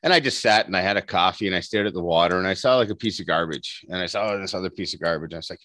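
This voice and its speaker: A man's voice: low-pitched, racing, hardly any pauses, a bit bright, no room sound. A man from Canada hosting a podcast over a remote call, chatting casually, restarting sentences and laughing often. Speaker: podcast host.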